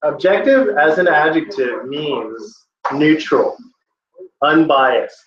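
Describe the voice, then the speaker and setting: A man with a fairly high voice teaching a classroom lesson in a casual, animated way. His speech is loose and full of "like". The sound is echoey, dull and lo-fi, as if it were recorded in a classroom. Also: slow pace, crowd noise. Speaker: test-prep teacher.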